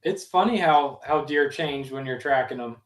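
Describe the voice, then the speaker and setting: A man's voice: mid-range voice, moderate pace. Male co-host, short joking interjections, roomy distant sound. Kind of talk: casual chat.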